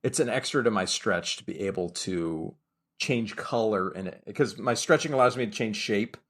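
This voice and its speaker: A man's voice: fairly low pitch, moderate pace, fairly bright tone. A man playing a character in a tabletop role-playing game, talking hesitantly with many restarts. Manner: hesitant, full of fillers and restarts. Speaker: player. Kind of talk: casual tabletop play.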